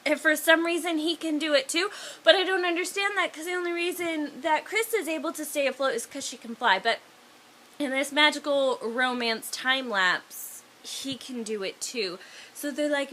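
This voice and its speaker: A woman's voice: sits high, bright, forceful tone. A woman casually retelling a film, rambling and full of fillers. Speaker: vlogger.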